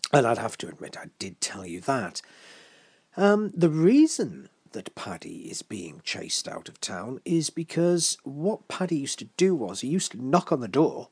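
A man's voice: medium pitch, big pitch swings, normal speed, darkish tone, breathy edge. A man telling a folk tale aloud, chatty with playful asides to his listeners. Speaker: storyteller.

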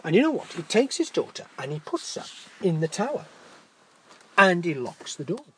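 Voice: mid-range voice, sing-song, normal speed, a bit bright, a little hiss or hum. A storyteller telling a children's tale dramatically, dropping into whispers for suspense.

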